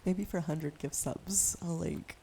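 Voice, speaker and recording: A woman in her forties hosts a whispered role-play stream, her hushed voice carrying a gravelly fry. She teases her chat softly between giggles and a lingering cough. A steady hiss of noise sits under the home mic. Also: on the low side, measured pace. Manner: soft whispering, giggly, flirty teasing toward chat.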